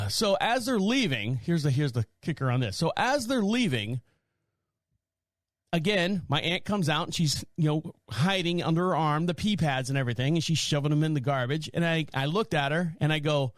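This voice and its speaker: A man hosts his podcast in a rambling, exasperated monologue, often circling back and restarting his sentences. His voice sits a little high for a man, and it comes across dry and close, with no room sound around it. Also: animated, normal speed, no room sound. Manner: exasperated storytelling with frequent restarts. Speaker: podcast host.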